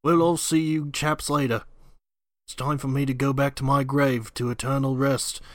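A man's voice: medium pitch, little pitch movement, normal speed, dry recording, studio quality, natural voice. A man voicing a brash, grumbling Cockney ghost of an aging actor dragged back from the grave. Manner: brash, matter-of-fact, grumbling.

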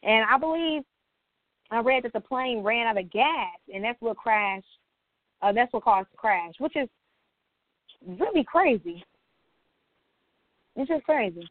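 A woman's voice: fairly high pitch, expressive, measured pace, pauses often, no echo. A woman co-hosting a podcast in casual chat, blunt and teasing. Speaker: podcast co-host. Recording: dry, tinny phone-like sound.

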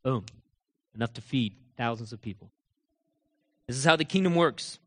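A man preaching a sermon in a church, emphatic and full of rhetorical questions, sometimes dropping to quiet asides. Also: mid-range voice, normal speed. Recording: long reverb of a large hall.

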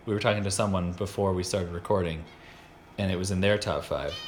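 A man's voice: deep voice, a little fast, slight background noise. An American man hosting a casual chat, talking in a rambling, enthusiastic way with many restarts. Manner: rambling, self-interrupting, enthusiastic. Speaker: podcast host.

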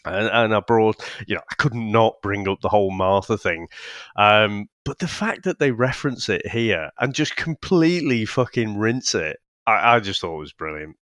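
A man's voice: on the low side, animated, moderate pace, a bit bright, dry recording, studio quality. A man co-hosting a podcast, swearing, laughing often and restarting his sentences as he chats casually about a film. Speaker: podcast co-host reviewing films. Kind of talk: casual film review chat.

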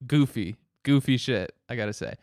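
A man chatting casually, rambling with halting restarts and laughing as he goes. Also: medium pitch, a little mellow. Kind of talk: casual chat.

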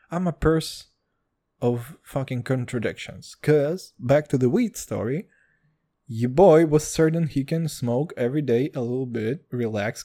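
A man hosting a solo podcast, rambling in a profane, jokey, self-mocking way and swinging between loud and quiet. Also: medium pitch. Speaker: podcast host.

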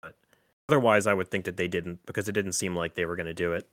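A man's voice: deep voice, steady tone, fast, a bit bright, dry recording. A man hosting a casual podcast about a movie, talking loosely with lots of fillers and restarts. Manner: rambling, many fillers and restarts. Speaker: podcast host.

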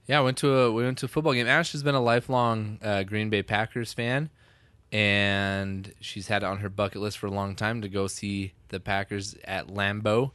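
A man with a fairly low voice co-hosts a casual podcast. He rambles, jokes and swears freely. The sound is dry and close. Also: steady tone, normal speed, fairly bright tone, smooth, no room sound. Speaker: podcast co-host. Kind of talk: casual chat.

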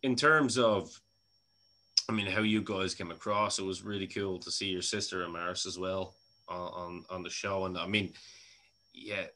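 A man's voice: low voice, steady tone, moderate pace, pushed and bright. An Irish man hosting a podcast interview, chatty and casual, laughing often and swearing freely. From Ireland. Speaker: podcast host.

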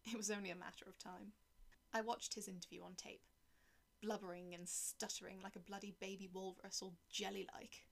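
Woman, storyteller, dark first-person tale, detached, whispered stretches, creaky voice, mid pitch. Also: little pitch movement, a little fast. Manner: cold, detached delivery dipping into whispers. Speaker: narrator.

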